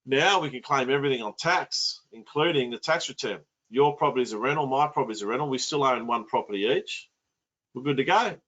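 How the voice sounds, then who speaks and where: A man voicing a calm, reassuring neighbour in a story. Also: mid-range voice, a little fast, muffled recording. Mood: assured. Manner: reassuring, matter-of-fact. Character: calm, scheming everyday Aussie man.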